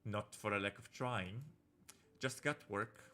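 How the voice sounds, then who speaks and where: A man's voice: slow pace, sharp tone. A man reading as a shy, guarded farmer. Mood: reserved. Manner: clipped, low-key, plainspoken.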